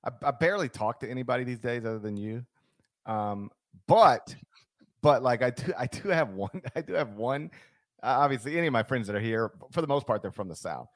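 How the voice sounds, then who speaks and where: A man's voice: mid-range voice, animated, fairly quick, no room sound. A man hosting a sports podcast, talking casually and animatedly with frequent ums. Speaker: podcast host.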